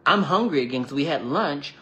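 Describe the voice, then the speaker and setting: A man hosting a livestream, telling a personal story to viewers in a chatty, animated way, often acting out quoted dialogue and thanking people between lines. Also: fairly high pitch, a little fast, lo-fi sound, a little hiss or hum. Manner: chatty and animated, full of "like" and "you know". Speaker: livestream host. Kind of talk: casual storytelling to a live audience.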